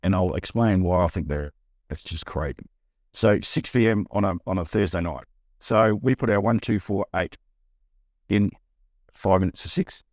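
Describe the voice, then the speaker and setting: A middle-aged man with an Australian accent, a buyer's agent telling a lively story in a podcast interview, acting out the voices he quotes. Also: sits low, normal speed, no room sound, studio quality. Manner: animated, acts out quoted voices, frequent restarts.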